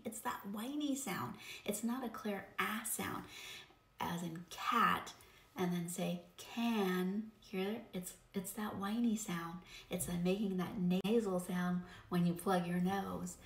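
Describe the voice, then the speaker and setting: A woman giving phonics teaching tips, patiently demonstrating sounds and drawing out example words. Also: mid-range voice. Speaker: reading teacher. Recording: roomy echo.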